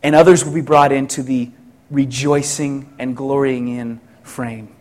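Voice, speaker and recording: A middle-aged pastor preaching a sermon, reflective and full of rhetorical questions, with frequent restarts. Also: male voice, mid-range voice, steady tone, unhurried, darkish tone.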